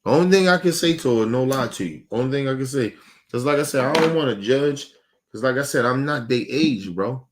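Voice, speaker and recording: A man's voice: medium pitch, fairly quick. Older man, podcast host, casual storytelling, rambling, profane. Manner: rambling, profane, animated when quoting himself.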